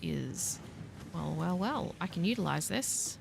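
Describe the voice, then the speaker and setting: A young Australian woman streaming a factory-building game, thinking aloud and chatting with viewers, quick to laugh at herself. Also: on the low side, lively intonation, creaky, background noise. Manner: self-deprecating, laughs easily. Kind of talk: casual let's-play commentary. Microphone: desk mic, voice only without face cam.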